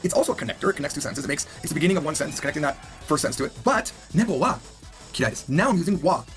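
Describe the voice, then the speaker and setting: A man's voice: on the high side, expressive, very fast, a bit bright, soft background music. A man teaching a recorded language lesson, upbeat and joking as he explains grammar rules.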